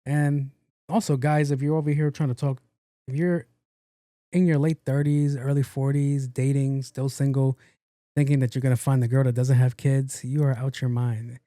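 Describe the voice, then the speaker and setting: A man hosts his own podcast, talking loosely and bluntly with plenty of swearing and jokes. His voice is warm and mellow. The sound is dry and close, with no room around it. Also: medium pitch, little pitch movement, moderate pace, dry recording. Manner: blunt, profane, joking, acts out quoted voices. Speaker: podcast host. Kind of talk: casual solo podcast chat.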